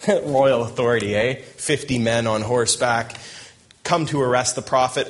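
A man's voice: mid-range voice, measured pace. A man preaching a sermon who reads scripture aloud and breaks in with joking asides and chuckles. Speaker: pastor. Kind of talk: sermon with Bible reading.

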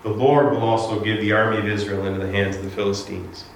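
A man's voice: on the low side, fairly even intonation, quick pace, vocal fry, slight background noise. A man preaching a casual sermon, retelling scripture with humorous asides. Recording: echoey room, distant mic.

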